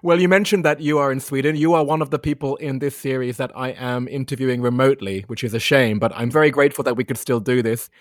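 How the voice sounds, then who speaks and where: A man hosting a podcast interview, asking questions in a warm, polite way. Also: medium pitch, fairly even intonation, fast, few pauses, dry recording, clean studio sound. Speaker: podcast host.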